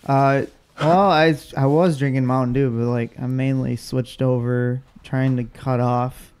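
A man's voice: medium pitch, fairly even intonation, a little slow, a little mellow, clear, resonant tone. A man co-hosting a podcast, easygoing, mostly giving short agreeing replies. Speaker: co-host. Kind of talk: casual chat.

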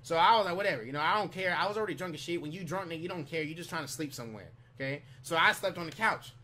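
High, bright-voiced man telling a rambling story. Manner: rambling, profane, repeats "you know what I'm saying"; animated retelling with quick restarts. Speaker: vlogger. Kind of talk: casual storytelling.

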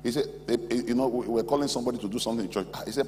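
A man's voice: medium pitch, fast talker, darkish tone, slight background noise. A male pastor preaching to a convention crowd, emphatic and repetitive, laughing between his stories. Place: large auditorium. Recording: long auditorium reverb, faint crowd ambience.

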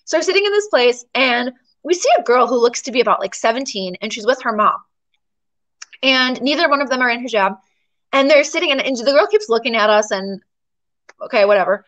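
A woman tells a personal story as an interview guest, chatty and animated, her talk full of fillers. Her voice sits a little higher than most, and she keeps the pace of relaxed conversation. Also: a little fast, poor audio.

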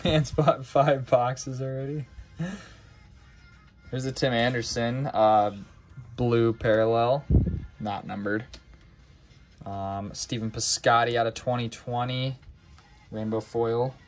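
A young man hosting a card break in a relaxed, casual way, reading player names off cards as he goes. His voice sits at a middle pitch and he stutters and restarts words now and then. Faint music plays behind him. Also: slow, long pauses.

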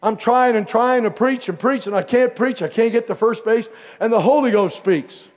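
High-voiced male preacher telling stories. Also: normal speed, long reverb tail. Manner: humorous storytelling, building to loud exclamations. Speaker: bishop and preacher. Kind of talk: sermon.

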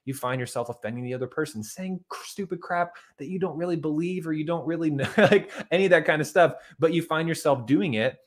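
A man coaching couples on money, talking in an energetic, chatty way and often calling his listeners "guys". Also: fairly high pitch, quick pace, few pauses. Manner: energetic, chatty, keeps saying "guys" and "okay". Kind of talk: motivational talk to couples.

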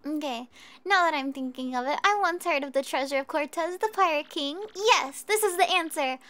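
A woman's voice: sits high, normal speed, bright, forceful tone. Woman reading as a grandiose showy merchant. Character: flamboyant adventure-loving male merchant. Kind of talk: reading game dialogue aloud.

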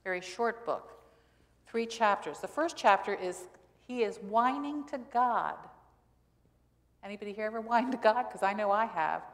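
A woman's voice: mid-range voice, moderate pace. A woman pastor giving a sermon in a conversational style, asking the congregation questions as she goes. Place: church sanctuary. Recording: church hall reverb.

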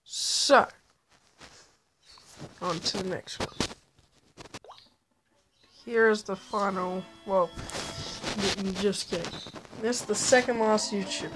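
A woman's voice: medium pitch, takes it slowly, pauses often, noisy background. A woman chatting casually in a rambling, self-deprecating way as she ranks her favorite video makers. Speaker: YouTube vlogger. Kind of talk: casual vlog commentary.

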